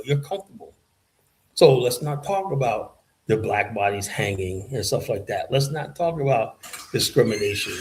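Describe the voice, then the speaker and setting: A man's voice: mid-range voice, a little mellow, low-quality recording. A man hosting his own commentary channel, ranting heatedly and mocking the people he argues against with sarcastic quotes. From United States. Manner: heated, sarcastic, mocks opponents in put-on quotes. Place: in Liberia, West Africa.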